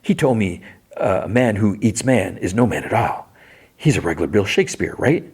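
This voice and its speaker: A man's voice: on the low side, big pitch swings, moderate pace, a little mellow, slightly rough, exaggerated voice. A man voicing a scarred, bitter male survivor who talks blunt and plain.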